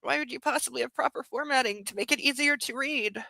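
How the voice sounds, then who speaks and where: A woman's voice: high voice, fast talker, creaky, pushed and bright, no room sound, poor audio. Sarcastic woman reading a book aloud. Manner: sarcastic, mocking asides. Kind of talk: comedic book reading with commentary.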